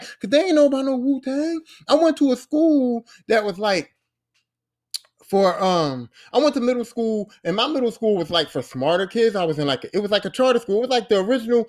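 A man with a high voice tells a rambling, profane story on his podcast and jumps into the voices of the people in it. His talk is loose and animated, with swings between loud and hushed. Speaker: podcast host. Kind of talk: casual storytelling.

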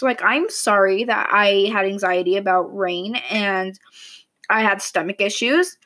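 Young woman, podcast host, rambling casual storytelling, slightly high voice. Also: a bit bright. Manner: chatty and rambling, many likes and ums.

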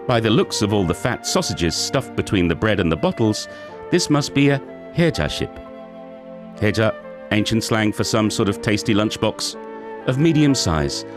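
A man reading a short story aloud in the first person of a confused, newly awakened android, in a measured, deliberate way. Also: mid-range voice, lightly acted. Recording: music playing underneath.

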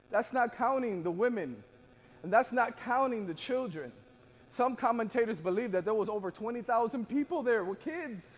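A pastor with a high-pitched voice preaches a sermon, building from quiet asides to shouted peaks. He acts out the voices of biblical figures using casual modern speech.

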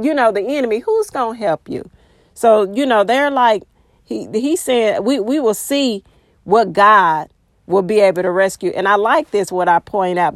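A woman's voice: medium pitch, darkish tone, dry recording, clean studio sound. A woman giving devotional Bible teaching, reading scripture aloud and pressing points with rhetorical questions.

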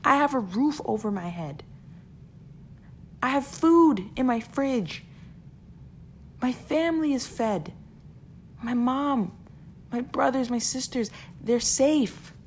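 A woman's voice: sits high, expressive, slow pace, pauses often, a little hiss or hum. A woman talking casually and earnestly to her listeners about keeping perspective, often repeating words and laughing between points. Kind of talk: casual motivational talk.

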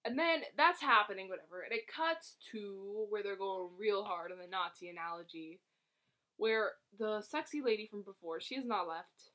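A woman with a mid-range, sharp-toned voice speaks at a moderate pace, casually recapping a movie plot for a co-host. She rambles and giggles, with lots of fillers and restarts.

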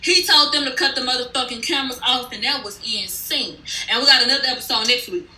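Sharp, bright-voiced woman ranting in a recap. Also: high voice, quick pace, roomy sound, rough recording. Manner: blunt, heated, swears freely. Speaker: reality TV recap vlogger. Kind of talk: casual profane storytelling recap.

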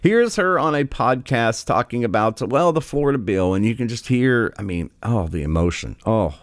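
A man's voice: mid-range voice, animated, normal speed, dry recording, studio quality. A man hosting a political commentary show, ranting in a sarcastic, scornful way with many fillers.

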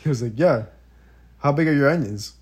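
A man's voice: medium pitch, a little fast, breathy edge. A man telling a funny story in casual chat, swearing a lot and acting out what people said. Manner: animated, laughing, acts out quotes, swears a lot.

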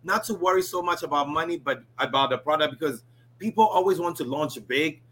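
A man's voice: a little high, fairly quick, a bit bright. A man from Ghana chatting as an interview guest, emphatic and frank, often tagging on "right?". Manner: emphatic, keeps adding "right?". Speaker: guest, designer and event planner. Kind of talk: casual interview chat.

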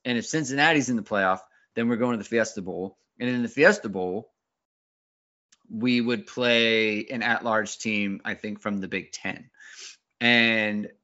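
Bright-voiced, chatty podcast co-host. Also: male voice, fairly low pitch, dull audio. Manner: chatty, explains things step by step. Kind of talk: casual sports podcast chat.

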